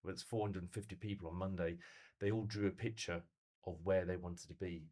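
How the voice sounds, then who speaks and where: A middle-aged man speaking as a motivational speaker in casual podcast conversation, animated and telling stories, full of rhetorical questions. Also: sits low, fairly quick.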